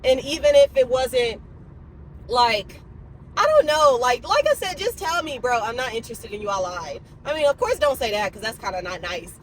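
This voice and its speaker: Out on errands, a woman in her twenties films a vlog on her phone and chats expressively right to her audience. She speaks at a moderate pace in a slightly high voice, and the rough recording has a bit of background noise.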